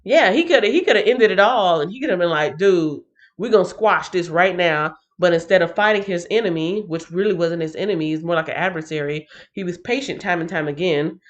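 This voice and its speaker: A woman's voice: lowish voice, fast talker, few pauses, highs cut off. A woman hosting a Bible reading stream, chatting casually and animatedly with many fillers.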